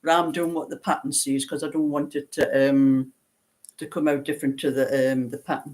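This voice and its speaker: A woman's voice: sits low, darkish tone. A woman in her seventies with a light Geordie accent, rambling and chatting as she hosts a live stream, often breaking into laughs. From Newcastle, northeast England. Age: 70s. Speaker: knitting channel host. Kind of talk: casual livestream chat.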